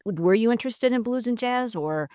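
A woman's voice: on the high side, animated, moderate pace, mellow, clear, resonant tone, no echo, clean studio sound. A woman interviewing a guest, asking hesitant, curious questions.

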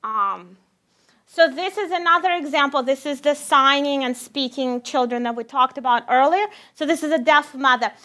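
A woman researcher with a Russian accent giving a lively lecture, addressing the audience as "my friends". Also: sits high, moderate pace.

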